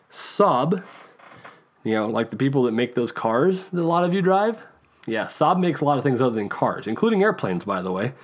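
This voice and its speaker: A young American man hosting a podcast, talking casually on his own with a chatty, self-deprecating manner and frequent restarts. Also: mid-range voice. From United States. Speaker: podcast host. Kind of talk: casual solo podcast talk.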